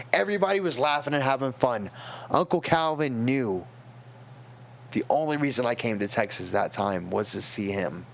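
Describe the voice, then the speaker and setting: A young man on a stream telling a personal story, tipsy, rambling and halting, growing emotional. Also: medium pitch, expressive, creaky, a little hiss or hum.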